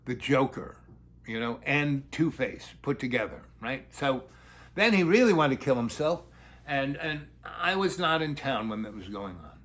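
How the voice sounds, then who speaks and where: An older man rambling through a long story in a blunt, crude, animated way. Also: medium pitch, moderate pace.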